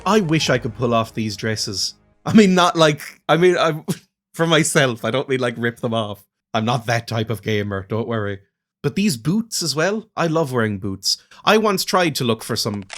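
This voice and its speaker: A man's voice: mid-range voice, fairly bright tone. A man hosting a let's play, giving casual, chatty commentary that mocks himself as he plays. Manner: chatty, self-mocking, laughs often.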